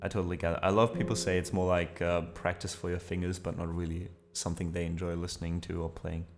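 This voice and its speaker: Relaxed low-voiced man chatting on stream. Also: fast, in a large hall, music in the background. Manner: relaxed, rambling, fillers and laughs. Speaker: musician streamer. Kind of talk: casual livestream chat.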